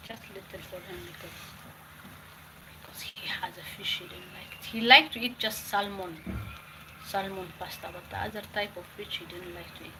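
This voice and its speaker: A home cook vlogger talks casually while cooking in her home kitchen, giving advice, repeating her phrases, and mixing in some Italian words. Her voice is mid-range and steady at a normal speed. Dishes clatter in the noisy kitchen recording.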